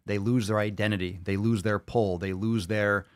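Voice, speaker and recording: A man hosting a podcast in a casual monologue, excitable and profane, often repeating phrases. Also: fairly low pitch, moderate pace, smooth, dry recording, studio quality. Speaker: podcast host.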